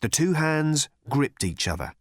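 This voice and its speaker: A man narrating an audiobook with expressive comic timing. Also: fairly high pitch, measured pace, no room sound, studio quality. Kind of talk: scripted narration.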